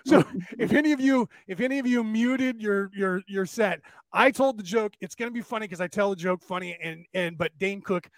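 Guy with a pretty high voice, podcast host, rambly chatty storyteller, dry close sound. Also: a little fast, few pauses, dry recording. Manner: rambling storyteller, keeps adding "right?". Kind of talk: casual chat. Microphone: camera.

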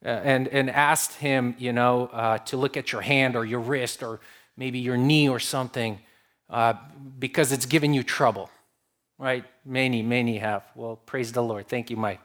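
A man preaching a sermon to his congregation, earnest and warm in delivery, swinging between emphatic rises and soft, drawn-out lines. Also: medium pitch, steady tone. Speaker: pastor.

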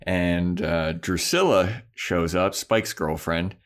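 A man with a lowish voice co-hosts a relaxed chat recap of a TV show. He laughs easily and slips into goofy put-on voices to act out scenes. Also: slow. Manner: laughing often, acting out characters in silly high voices. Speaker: podcast co-host. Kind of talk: casual chat recapping a TV episode.

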